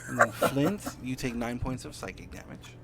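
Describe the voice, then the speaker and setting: A man's voice: medium pitch, animated, normal speed, gravelly, loud music behind the voice. A man running a tabletop game as dungeon master, narrating in a rambling way with lots of fillers.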